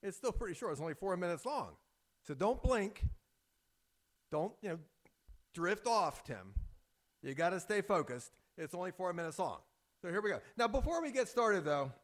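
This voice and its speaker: Pastor guy, kinda high voice that swoops around a lot, joking with the congregation. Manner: chatty, teasing congregation members by name. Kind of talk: sermon. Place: church building.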